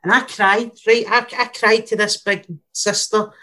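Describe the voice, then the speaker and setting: A Scottish woman tells a comic story in a casual, chatty way. She swears freely and talks bluntly, with plenty of animation. Her voice sits in a middle pitch. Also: fairly even intonation, a little slow, sharp tone.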